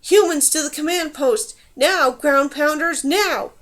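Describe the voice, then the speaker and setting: A woman voicing a vicious male bird-monster villain who taunts and shouts orders. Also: high-pitched, a little slow. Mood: shouting.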